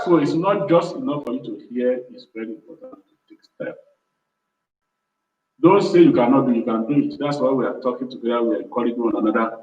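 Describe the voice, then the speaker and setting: A man hosting a business show, giving a motivational talk in a repetitive, pleading way. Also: mid-range voice. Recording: distant, roomy, dull sound.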